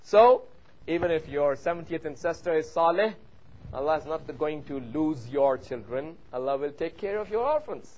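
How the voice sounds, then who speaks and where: A man's voice: animated, normal speed, poor audio. Impassioned male preacher, Persian speaker. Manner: impassioned, swells loud on key points then drops low for storytelling. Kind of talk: sermon.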